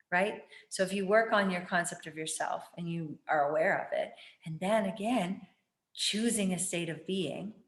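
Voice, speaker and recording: Recorded with a roomy sound, this spiritual talk host has a lowish, somewhat bright voice. Her talk is loose and chatty, full of filler words and offhand swearing.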